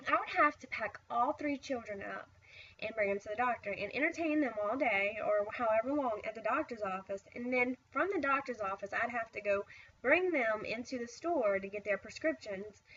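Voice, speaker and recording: A woman's voice: on the high side, animated, normal speed, fairly bright tone, breathy edge, recorded from a distance, dull audio. A tired middle-aged woman telling a personal story in a casual, rambling way, full of "I was like" asides. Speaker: vlogger.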